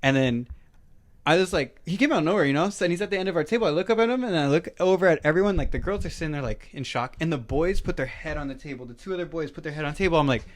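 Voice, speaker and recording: Higher-voiced young man telling a story. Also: rapid-fire. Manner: profane, animated, acts out voices in his stories. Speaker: podcast host. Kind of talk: casual storytelling chat.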